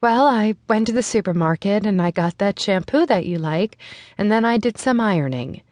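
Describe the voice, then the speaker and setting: A woman narrating an audiobook, voicing a timid mother who answers quickly as if rehearsed. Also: medium pitch, expressive, darkish tone, no echo, natural voice. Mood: anxious.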